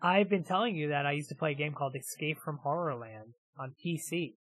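A man's voice: on the high side, brisk, fairly bright tone, no echo. A man co-hosting a podcast in casual chat, rambling and trailing off with fillers. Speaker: podcast co-host.

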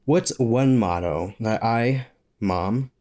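In a lowish, darkish voice, a young man from Maine takes his time as he speaks. He's a vlogger answering questions casually, drifting between topics, joking and laughing often.

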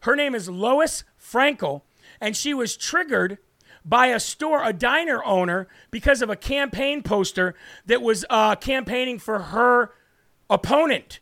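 A male political talk host with a strikingly high voice and a brash, forceful delivery. He hammers his points home in short repeated bursts, recorded dry and close with no room sound. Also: lively intonation, unhurried, dry recording. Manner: brash, emphatic, repeats for emphasis. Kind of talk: live political commentary.

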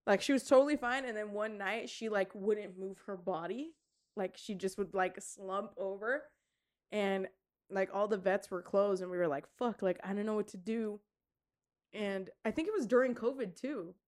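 A woman's voice: medium pitch, moderate pace, a little mellow. A young woman co-hosting a podcast in casual chat, rambling storytelling full of "like" and swearing. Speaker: podcast co-host.

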